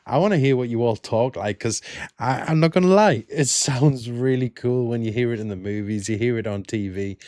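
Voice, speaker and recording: A man's voice: medium pitch, normal speed, darkish tone, dry recording, studio quality. A British man hosting a reaction video, chatting casually and joking in rambling asides. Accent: British English. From Britain.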